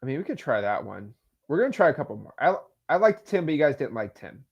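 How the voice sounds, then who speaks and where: Animated man chatting on a live stream. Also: fairly high pitch, quick pace, creaky, slightly rough, dull audio. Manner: excitable, joking, talks straight to the live chat. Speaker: host of a live stream on real estate cold calling. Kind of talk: casual live-stream chat.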